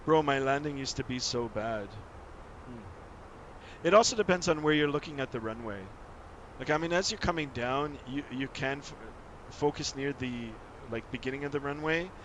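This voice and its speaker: Speaking in a slightly bright, medium-pitched voice over a noisy background, this Canadian man is a real pilot streaming a flight sim. His casual stream chatter is friendly and meandering, with many fillers and restarts.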